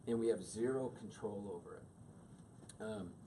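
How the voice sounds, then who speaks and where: A man's voice: on the low side, a little slow. A middle-aged man teaching a class on emotions, asking the audience questions and acting out quoted voices. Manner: animated, acts out quoted voices. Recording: distant mic with faint room noise.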